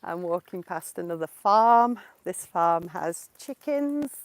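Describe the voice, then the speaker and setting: She's an English teacher from England, strolling outdoors in the countryside during a casual live stream and fielding questions from viewers. Her voice sits on the low side with lively intonation, and her delivery is slow, clear and explanatory through a portable walking mic.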